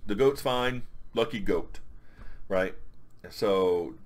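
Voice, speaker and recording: Man, low voice, casual comic review, rambling, filler words. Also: slow pace.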